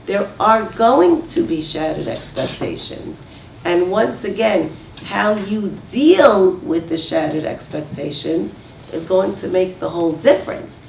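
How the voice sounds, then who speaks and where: A woman giving a talk to a live audience, lively and full of rhetorical questions. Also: fairly low pitch, gravelly. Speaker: speaker giving a talk on relationships. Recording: roomy, distant mic, faint noise.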